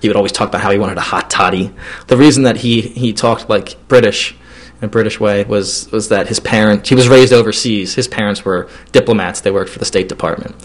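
A man's voice: fairly low pitch, brisk. A man telling a personal story in a loose, casual way, with many fillers and restarts.

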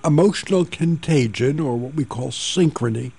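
An older man hosting a radio talk show, his voice gravelly and a touch higher than most men's. He has a mellow, dark tone and speaks in a gentle storytelling way. The recording is dry and close, with no room sound. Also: moderate pace, no room sound.

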